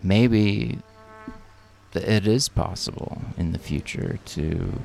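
A man on a casual podcast explains his thoughts in a slow, measured way. His voice is very deep and full of gravelly fry. He takes his time with each phrase. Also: darkish tone, faint music behind. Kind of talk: casual chat.

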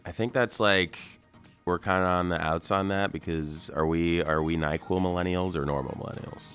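A man's voice: sits low, fairly even intonation, normal speed, a bit bright, clear, resonant tone, soft background music. A man co-hosting a radio show in a studio, rambling and joking in casual banter. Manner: rambling, joking, self-deprecating.

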